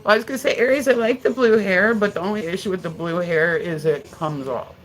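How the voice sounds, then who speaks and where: On a low-quality livestream recording, a middle-aged woman chats casually, rambling and swearing as she answers viewer comments. Her voice is medium in pitch and she talks a little fast, telling profane, meandering stories.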